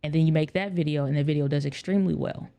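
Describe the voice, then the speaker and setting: A man's voice: fairly high pitch, steady tone, quick pace, gravelly, mellow. A man hosting a podcast, talking in an earnest, conversational way and repeating phrases for emphasis. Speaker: podcast host. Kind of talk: casual solo podcast talk.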